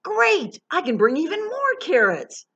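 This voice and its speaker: A woman's voice: high voice, wildly swooping pitch, takes it slowly, fairly bright tone, highs cut off, pitched above the performer's own voice, heavily acted. A woman voicing an eager, well-meaning young male rabbit in a children's storytime reading. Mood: excited.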